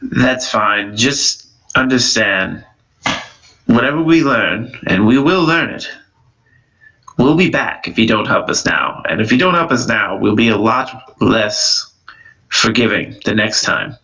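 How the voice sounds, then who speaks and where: A man at a tabletop game who speaks in a steady, deliberate way. His voice sits on the low side. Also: poor audio. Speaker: player.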